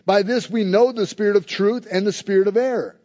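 High-voiced man preaching a sermon. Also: steady tone, a little fast, muffled recording. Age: adult with a school-age son. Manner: conversational preaching, shifting between loud emphasis and soft low asides. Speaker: pastor.

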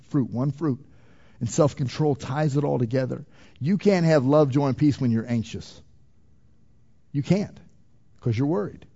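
A male pastor preaching a sermon, moving between loud emphatic stretches and quiet, intimate passages. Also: on the high side, dull audio.

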